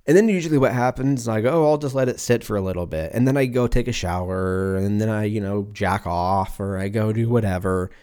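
Fairly low-pitched, dark, and clean in tone, a man in his twenties talks a little fast with few pauses. Seated at his computer mic, he hosts a casual solo podcast rant, rambling and swearing, mocking himself and laughing often.

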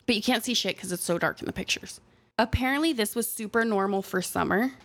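A woman's voice: medium pitch, fast talker. A woman co-hosting a podcast, casually telling a true-crime story and acting out the quotes. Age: adult, has a young son. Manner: animated storytelling, acts out quotes. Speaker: podcast co-host.

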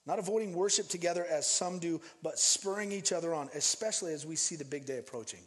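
A man from Denver preaches a casual, animated sermon, slipping into the voices of the people in his stories. His voice sits a bit high for a man, and it rings out with a long reverb, as if in a big church hall. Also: quick pace. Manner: conversational and animated, acting out quoted voices. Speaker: pastor.

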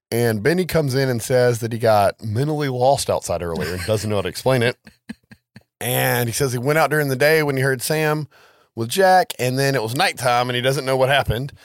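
A man's voice: mid-range voice, no room sound, clean studio sound. A man casually recapping a film's plot as a podcast co-host, talking loosely with plenty of swearing and filler words. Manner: loose, profane storytelling with many "like"s. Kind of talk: casual chat.

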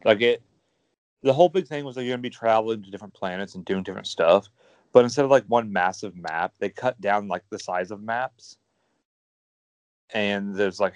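Low-voiced man, dry close sound. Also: a little fast, no echo. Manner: rambling, enthusiastic gamer talk with many fillers. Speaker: podcast co-host. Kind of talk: casual chat.

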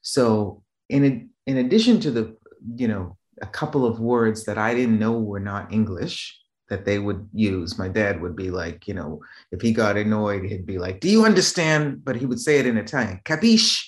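A man with a fairly low voice tells stories in a casual, rambling way. He often checks in with "right?" and restarts his sentences. When he quotes other people, he lifts his voice into a higher register. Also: normal speed, a little mellow. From Boston area, US. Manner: acts out quoted voices in a raised pitch. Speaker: guest, business trainer. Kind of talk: casual conversational storytelling.

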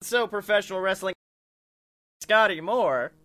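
A man hosting a casual wrestling podcast, excitable and quick to laugh, who slips into goofy put-on voices. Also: high-pitched, dry recording.

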